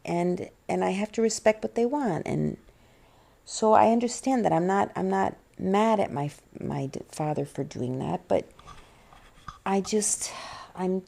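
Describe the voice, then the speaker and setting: A middle-aged woman with a low, gravelly voice and a mellow, dark tone rambles through a personal vlog from a small room at home. She sounds close to tears and trips over herself with restarts and fillers. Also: normal speed. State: tearful, on the verge of crying. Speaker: vlogger. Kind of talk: personal confessional vlog, soft-spoken.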